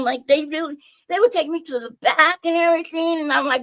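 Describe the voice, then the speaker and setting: A young woman streaming live, telling her own stories in an animated, chatty way with plenty of swearing and jokes at her own expense. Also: high voice, brisk. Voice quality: animated, chatty, swears freely, self-mocking. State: out of breath. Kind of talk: casual storytelling to viewers.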